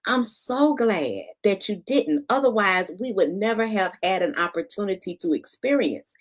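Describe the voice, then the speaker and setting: A woman's voice: medium pitch, lively intonation, moderate pace. A woman hosting an interview, effusive and affirming, cheering her guest on. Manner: effusive, affirming, says honey. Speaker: podcast host. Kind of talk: casual interview chat.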